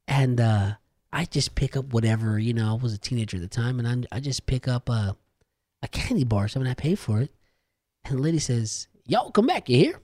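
A man hosting a Christian radio and TV talk show, telling stories in a lively, laughing way. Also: medium pitch, a little fast, no echo, studio quality. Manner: animated, laughing storyteller. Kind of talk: casual studio chat.

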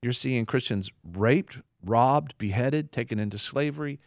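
A man's voice: mid-range voice, unhurried, gravelly, no room sound, clean studio sound. A man co-hosting a Christian talk show, preaching earnestly in casual conversation and acting out quotes. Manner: earnest, animated, acts out quotes.

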